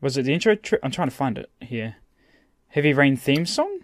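A man's voice: mid-range voice, very animated, fairly quick, no echo, studio quality. A man in a casual gaming chat, joking and acting out quoted lines.

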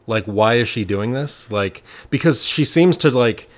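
A man's voice: medium pitch, animated, unhurried. A man in a casual film review chat, blunt and swearing, poking fun at the characters. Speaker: podcast co-host.

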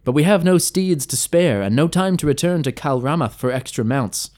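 A man's voice: fairly high pitch, animated, moderate pace, darkish tone, voice pushed up, lightly acted. Man playing a haughty elf captain woman. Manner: imperious and sardonic. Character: haughty, tall female elf owl-rider captain.

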